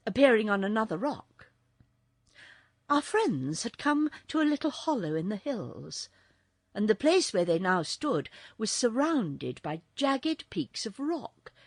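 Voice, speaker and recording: A woman narrating a children's audiobook in a very expressive storytelling voice. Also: medium pitch, vocal fry, slightly rough, dry recording, studio quality.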